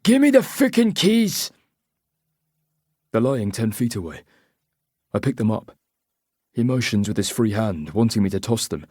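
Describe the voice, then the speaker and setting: A man's voice: lowish voice, lively intonation, darkish tone, dry recording, studio quality. Man narrating a tense thriller audiobook. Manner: measured, tense and clipped. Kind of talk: scripted first-person thriller narration.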